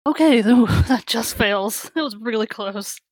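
A woman's voice: on the high side, measured pace, a little mellow, no room sound, poor audio. A woman player in a tabletop game, chatty and laughing often. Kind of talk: casual tabletop game play.

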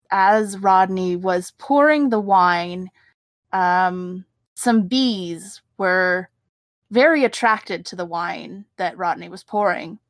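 A woman playing a tabletop game, telling her character's backstory in a slow, laid-back way. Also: fairly low pitch, no echo. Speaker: player. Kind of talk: tabletop role-play.

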